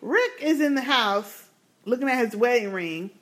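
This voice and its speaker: Female podcast co-host, fairly high and very animated voice; casual episode recap that acts out the dialogue. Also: normal speed. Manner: animated retelling, acting out characters' lines in lowered voices.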